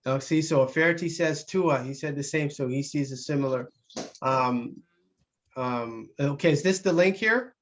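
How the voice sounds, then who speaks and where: A man hosting a casual online Q and A, talking haltingly with many fillers. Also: medium pitch. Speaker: host of online Q and A.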